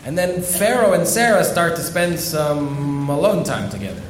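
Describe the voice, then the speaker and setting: A rabbi with a somewhat higher-pitched voice delivers a storytelling sermon, leaning on dramatic pauses. His voice carries with a roomy echo, and a faint ambient hum sits in the background. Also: animated.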